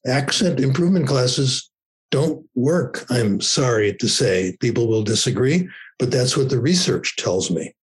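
Older man, husky, easygoing explainer. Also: medium pitch, unhurried, rough recording. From United States. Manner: relaxed, discursive, checks in with "okay?". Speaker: guest, language researcher. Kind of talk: conversational explanation.

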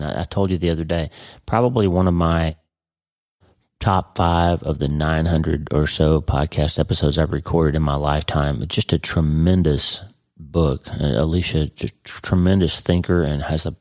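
A man's voice: very deep voice, darkish tone, no room sound, studio quality. A man hosting his podcast in a casual spoken monologue, earnest and emphatic, often repeating his words. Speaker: podcast host.

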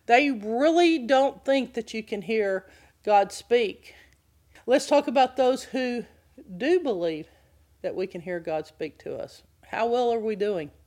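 A woman giving a conversational Bible teaching and asking her listeners questions. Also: a little high. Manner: conversational, asks the audience questions.

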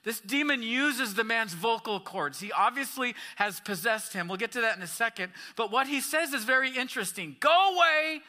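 A man's voice: very high-pitched, lively intonation, moderate pace, few pauses, bright, forceful tone. A man pastor preaching a sermon, reading scripture and asking questions of the congregation with emphatic rises and falls.

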